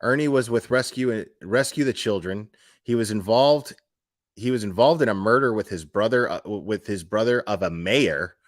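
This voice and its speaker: A man with a fairly low voice hosts a loose true crime livestream from home. He rambles, swears and leans on sarcasm while reacting to chat. The sound is dry and close, with no room echo. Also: normal speed.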